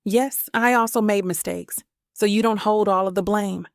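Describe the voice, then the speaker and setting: A woman narrator voicing a tender, apologetic young husband in an audiobook, speaking softly and sincerely. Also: medium pitch, steady tone, normal speed, creaky, no room sound, studio quality, natural voice. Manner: soft, sincere, pleading. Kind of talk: audiobook character voice.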